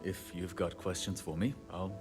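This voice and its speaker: A man's voice: sits low, fairly even intonation, moderate pace, close to an everyday voice. A man voicing a weary, self-deprecating handyman in a video game, chatty and apologetic with light laughs. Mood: rueful. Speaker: game character. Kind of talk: video game character dialogue. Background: game music.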